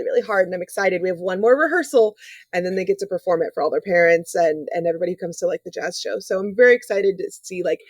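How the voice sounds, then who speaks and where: A woman's voice: mid-range voice, dry recording. A woman music teacher chatting casually on a podcast, upbeat and full of fillers.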